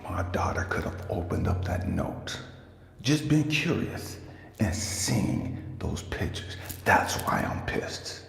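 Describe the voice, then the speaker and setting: A man's voice: lowish voice, very animated, slow pace, vocal fry, in a whisper, faint music behind. A young man, a life coach, telling a story to camera in a heated, profane rant. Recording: echoey room with long reverb, faint ambience.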